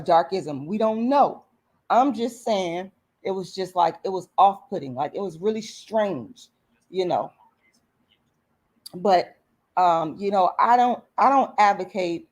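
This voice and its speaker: A woman's voice: mid-range voice, a little mellow. A woman with a slight lisp and a strained throat, giving earnest casual commentary to her livestream viewers. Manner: earnest, repetitive, addresses viewers as y'all. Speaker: commentary vlogger.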